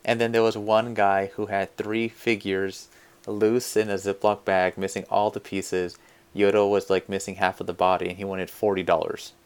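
Low-voiced man in easygoing chat. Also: little pitch movement, normal speed, clean tone. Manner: easygoing, hesitant starts. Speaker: podcast co-host. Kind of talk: casual chat.

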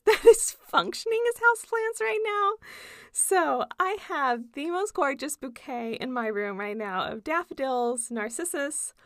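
A woman's voice: high-pitched, fairly bright tone, dry recording, clean studio sound. A young woman chatting casually as a vlogger, gushing and enthusiastic. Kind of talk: casual chat.

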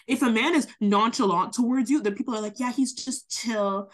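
A woman's voice: a little high, moderate pace. A woman in her twenties co-hosting a podcast, making emphatic, opinionated points in casual chat. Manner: emphatic, opinionated, gets hyped. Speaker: podcast co-host.

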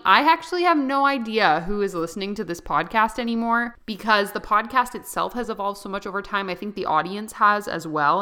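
A woman's voice: mid-range voice, bright, forceful tone. A young woman hosting her own podcast, rambling through unscripted solo talk with frequent laughs. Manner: chatty and rambling, often laughing. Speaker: podcast host.

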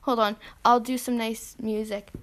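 A woman's voice: on the high side, flat delivery, moderate pace. A young woman co-hosting a podcast, chatting casually in a giggly, rambling way. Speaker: podcast co-host. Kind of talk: casual chat.

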